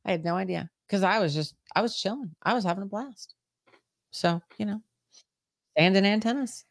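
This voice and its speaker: A woman's voice: medium pitch, moderate pace, creaky, dry recording, studio quality. An American woman co-hosting a podcast, chatty and teasing, chiming in during casual chat. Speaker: podcast co-host.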